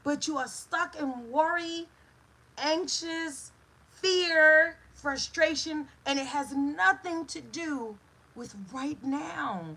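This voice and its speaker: A woman giving an inspirational talk as host, emphatic and repetitive, dropping to a hush for stress. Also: high-pitched, slow pace, rough recording. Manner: emotional, speaks to a live listener.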